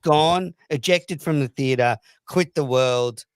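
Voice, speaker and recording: A man hosting a casual live show, rambling and reading posts aloud with quick asides. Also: fairly high pitch, clear, resonant tone, dry recording. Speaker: podcast host.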